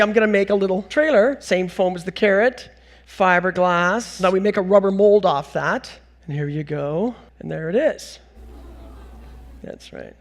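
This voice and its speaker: A middle-aged man from North America speaking as a conference speaker on stage, telling animated, self-mocking anecdotes with bursts of laughter. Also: high-pitched. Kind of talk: storytelling keynote talk.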